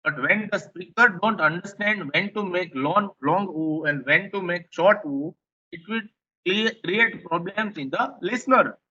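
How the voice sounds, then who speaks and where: Indian english guy teaching a class, high bright voice, keeps repeating himself, kinda muffled lo-fi sound. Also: measured pace. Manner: repetitive, explanatory, rephrases points. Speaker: lecturer. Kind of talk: classroom lecture.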